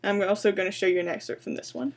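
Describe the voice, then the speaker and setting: A woman giving a booktalk presentation, introducing books and reading excerpts aloud in a quiet, measured way. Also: mid-range voice. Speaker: library science student presenting books.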